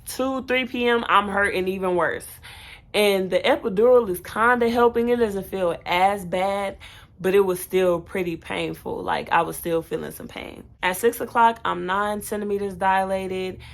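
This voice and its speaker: A woman's voice: medium pitch, normal speed, creaky. A young woman telling her own birth story in a casual storytime vlog, candid and chatty, with fillers and self-corrections.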